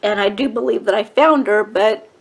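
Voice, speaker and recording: A woman's voice: medium pitch, normal speed, gravelly. A woman in her forties speaks to camera about her own life, talking candidly and casually. Her voice is tearful and emotional, with fillers and restarts in her speech. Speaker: vlogger. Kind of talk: personal storytelling to camera.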